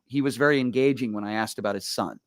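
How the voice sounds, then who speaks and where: Fast-talking male radio host. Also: medium pitch, no echo. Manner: rapid, animated, stumbling restarts. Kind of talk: casual storytelling chat.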